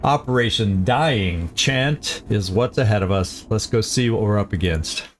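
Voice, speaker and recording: A man's voice: lowish voice, unhurried, a little hiss or hum. Man musing through strategy game tactics. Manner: thinking aloud, tactical, self-correcting. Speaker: gaming channel host.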